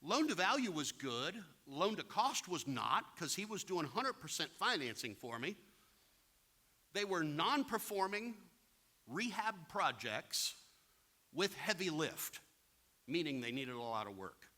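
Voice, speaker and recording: A man's voice: fairly high pitch, very animated, measured pace, bright, forceful tone. A plain-spoken man giving a real estate investing seminar, talking directly to the audience and acting out anecdotes. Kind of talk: seminar talk with acted-out anecdotes.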